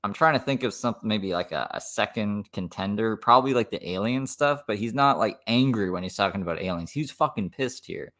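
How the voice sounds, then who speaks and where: Wry low-voiced man commenting on clips. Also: lively intonation, brisk, few pauses, a bit bright. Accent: Minnesota. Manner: wry, laughing, dry asides. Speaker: commentary streamer. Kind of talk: casual reaction commentary.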